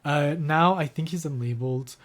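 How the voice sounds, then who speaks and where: A man's voice: a little high, moderate pace. A young man streaming live, telling a personal story in a rambling, emotional way with many fillers and restarts, close to tears. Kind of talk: casual livestream storytelling.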